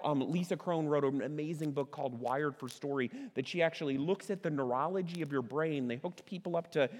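A middle-aged man preaching a sermon in a conversational way, asking his listeners questions and slowing down to stress key words. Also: fairly high pitch, darkish tone. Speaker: pastor. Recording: long hall reverb.

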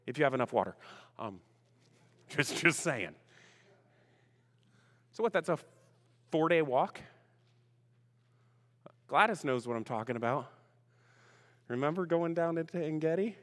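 A man's voice: a little high, lively intonation, measured pace, long pauses, a bit bright. A man preaching a sermon as pastor, chatty and full of questions to the congregation, greeting online viewers by name. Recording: long reverb of a large room.

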